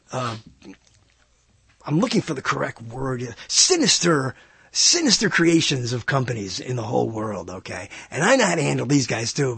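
A man's voice: on the high side, gravelly, husky, no echo. A man hosting a radio show, telling a rambling story in a monologue and putting on mock voices for the people in it.

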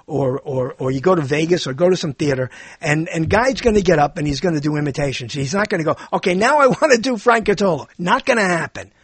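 A man's voice: a little high, husky, no echo. A man hosting a talk show with a rambling, self-deprecating monologue that jumps between topics.

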